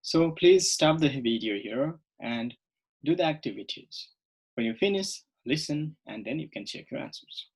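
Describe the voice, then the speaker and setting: Husky-voiced man teaching an English lesson. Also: medium pitch, lively intonation, poor audio. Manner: slow, repetitive, checks in with "okay?". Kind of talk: recorded online English lesson.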